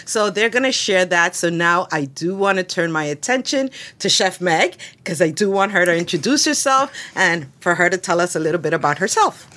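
A woman's voice: lowish voice, expressive, moderate pace, few pauses, pushed and bright. A woman hosting a podcast interview on a headset mic, enthusiastic and chatty. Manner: enthusiastic, chatty, laughs easily. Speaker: podcast host.

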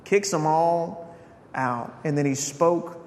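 A man preaching a sermon in a conversational, storytelling way, with asides to the congregation. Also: takes it slowly. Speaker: pastor. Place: church sanctuary. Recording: echoey church hall, faint rumble.

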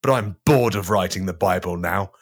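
A man voicing a petulant, sweary Jesus in a comic story, speaking high and indignant. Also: moderate pace. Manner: shouty, indignant.

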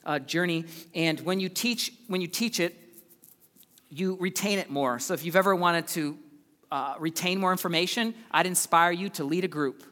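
A man preaching in a church, his voice a little high for a man. He talks to the congregation casually, cracking jokes and swinging from loud, emphatic lines down to quiet asides. The hall around him leaves a long, ringing reverb. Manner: conversational and joking, swings between loud and hushed. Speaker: pastor. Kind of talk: sermon.

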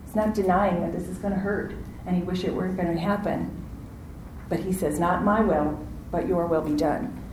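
A woman's voice: on the low side, moderate pace, a little hiss or hum. Woman preaching in an echoey room. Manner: animated, acts out quoted voices, asks audience to respond. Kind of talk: sermon.

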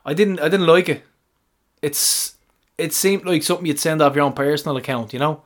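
A man in a loose podcast chat, outspoken and salty. His voice sits a touch high for a man. He talks bluntly and laughs easily. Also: brisk. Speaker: podcast co-host. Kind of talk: casual sports chat.

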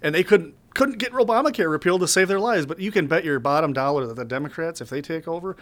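Animated man from northern Wisconsin. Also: a little high, fast. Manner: animated, laughs between points. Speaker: panelist. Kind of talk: political talk show discussion.

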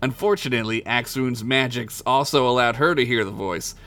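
A man's voice: mid-range voice, brisk, sharp tone. Man reading a crude comic story. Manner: crude jokey reading, breaks into laughter. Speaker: podcast co-host reading his own comic story.

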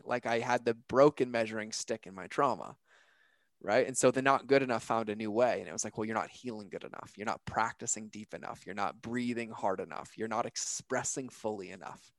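A man's voice: medium pitch, no echo. A man, a podcast guest, telling a personal story in an earnest, emphatic way and acting out the quotes.

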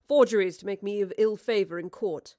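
A woman's voice: mid-range voice, brisk, dark tone, dry recording, clean studio sound, close to an everyday voice. A woman reading the part of a charming, roguish male poet and spy in an audiobook, with a wry, theatrical manner.

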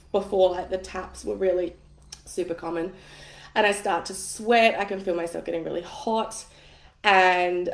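Frank woman telling her story. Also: mid-range voice. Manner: frank and chatty, swears casually, laughs through the story. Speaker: money mindset coach. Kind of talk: candid personal storytelling in an online course. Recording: echoey room.

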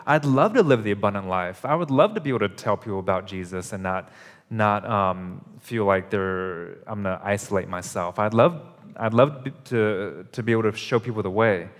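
Earnest low-voiced male preacher in reverb. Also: normal speed. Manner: earnest, conversational preaching with repetitions. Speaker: pastor. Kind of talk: sermon. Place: church service. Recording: long hall reverb.

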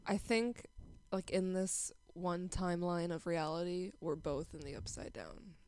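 A woman's voice: on the low side, steady tone, measured pace, a little mellow, clean tone, no echo. A young woman guest on a podcast, chatting casually, often giggling and a little bashful. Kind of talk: casual chat.

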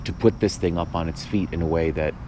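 In a casual conversation, a male playwright host with a low voice speaks in a thoughtful, halting way. He restarts often and breaks into animated asides, and some light noise sits beneath his voice.

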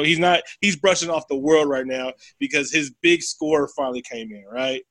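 Male co-host, slightly high and bright, dry close sound, rambling profane storyteller. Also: moderate pace, hardly any pauses, no room sound. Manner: animated, profane storytelling with acted quotes. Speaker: podcast co-host. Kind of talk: casual chat, retelling a film plot.

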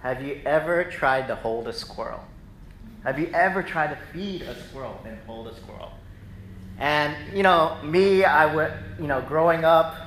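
A man preaching a sermon in a relaxed, conversational way, telling animated stories to the congregation. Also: on the high side, roomy sound, slight background noise, low-quality recording. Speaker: pastor. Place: church sanctuary.

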